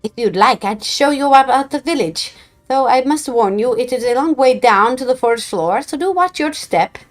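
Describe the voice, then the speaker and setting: A woman's voice: high-pitched, expressive, soft background music, voice pushed up. Woman doing a stately forest chieftainess. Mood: gracious. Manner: formal, measured delivery in a put-on accent. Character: stately female forest chieftainess, formal and gracious. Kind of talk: reading game dialogue aloud in character.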